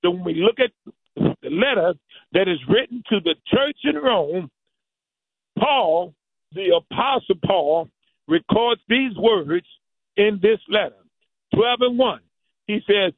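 A man preaching a fervent sermon, rhythmic and repetitive, rising to high chanted peaks and dropping low again. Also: lively intonation, measured pace, no echo. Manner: rhythmic preaching with repeated "thank you, Jesus". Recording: tinny lo-fi radio broadcast.

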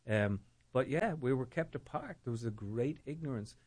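A man with a Dublin Irish accent, a guest in a reflective interview, talking haltingly with many fillers and repeated words. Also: mid-range voice, lively intonation, darkish tone. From Ireland. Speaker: guest, storytelling organizer.

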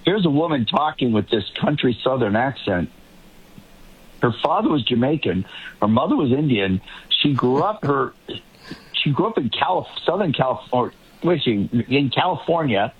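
A man's voice: mid-range voice, big pitch swings, moderate pace, breathy edge. A man from the Boston area giving emphatic commentary as a guest on a political panel, often restarting and repeating words. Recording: tinny remote line.

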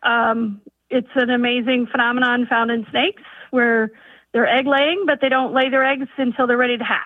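Woman caller, high voice, tinny phone line, earnest and eager. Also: little pitch movement, moderate pace, no echo. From North Dakota, US. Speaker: caller, biology teacher. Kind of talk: phone-in call.

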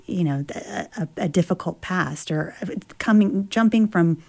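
A woman author and travel writer reads from her memoir and then talks about it reflectively, often pausing to search for words. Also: fairly low pitch, gravelly, darkish tone. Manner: reflective, with many fillers and restarts.

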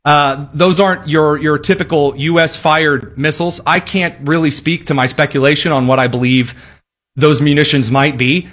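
A man's voice: fairly high pitch, fairly even intonation, normal speed, a bit bright. A man hosting a political commentary show, delivering the news with wry, sarcastic, mock-folksy asides. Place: studio, also aired on radio.

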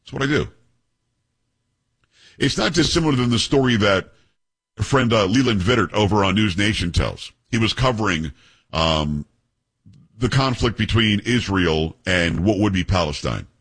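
A man's voice: fairly low pitch, animated, moderate pace, a bit bright, slightly rough. A man hosting a talk radio show, telling stories emphatically and firing off rhetorical questions. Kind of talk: opinionated talk radio monologue.

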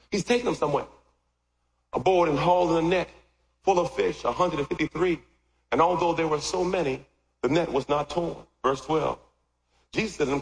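A middle-aged man preaching a sermon, swinging from loud shouts to quiet asides. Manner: animated, jumps from loud shouts to low asides. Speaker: pastor. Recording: echoey hall with long reverb.

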